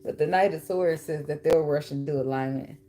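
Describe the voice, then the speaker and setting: Woman, low pitched, tarot reader, blunt, profane, teasing, faint background hiss. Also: brisk, dark tone. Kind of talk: casual tarot reading.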